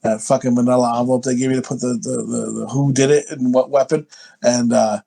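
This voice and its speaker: Rowdy, profane podcast co-host. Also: male voice, medium pitch, little pitch movement, a little fast, gravelly, warm tone. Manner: rowdy, profane, laughs a lot, mimics movie lines over the top. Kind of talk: casual crude chat.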